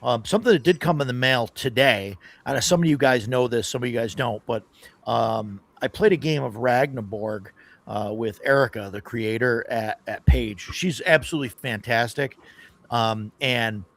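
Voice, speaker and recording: A man's voice: mid-range voice, moderate pace, vocal fry, a bit bright, no echo. A man hosting a casual tabletop gaming chat, telling stories in a rambling way and often laughing. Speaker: podcast host.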